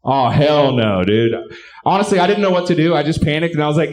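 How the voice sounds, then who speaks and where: A man doing a live stand-up set and hosting, bantering crudely with the crowd and shouting his punchlines. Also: fairly high pitch, animated, fairly quick. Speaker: stand-up comedian and show host. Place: live comedy club stage.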